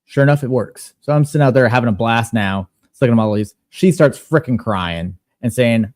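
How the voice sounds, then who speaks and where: A man on a podcast panel telling a personal story in a casual, animated and profane way. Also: medium pitch, a little fast, hardly any pauses, dry recording, clean studio sound.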